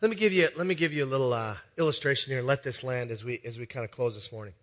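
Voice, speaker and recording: A male pastor preaching a sermon in a church with a balcony, telling a story that swings from loud, excited passages to soft, hushed ones. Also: medium pitch, rapid-fire.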